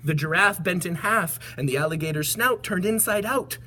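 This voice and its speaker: A man reading a picture book aloud in a sing-song storyteller voice, dropping low for the punchlines. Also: normal speed, pushed and bright, slight background noise. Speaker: storybook reader.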